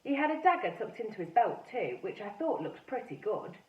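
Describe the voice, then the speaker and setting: A woman teacher reading a storybook aloud in a lively, animated way. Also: medium pitch, brisk. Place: classroom or school room. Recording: echoey room, mic far off, dull sound.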